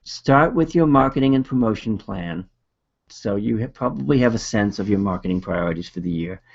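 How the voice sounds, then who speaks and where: A man's voice: fairly low pitch, animated, brisk, gravelly, slightly rough, lo-fi sound. A man with a Boston accent presenting a video marketing webinar in a casual, upbeat coaching manner.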